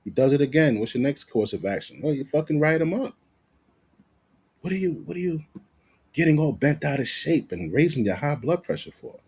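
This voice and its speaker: Husky man, lively sports vlog rant, swears a lot, circles back on phrases. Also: a little high, normal speed, long pauses. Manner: animated, profane, repeats himself. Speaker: sports commentator vlogger. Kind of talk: casual ranting commentary.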